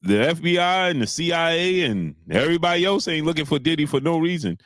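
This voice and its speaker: Animated man riffing casually on a stream. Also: brisk, no echo. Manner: animated, greets chat viewers, acts out quotes in lower voice. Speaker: streaming commentator. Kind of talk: casual live-stream commentary.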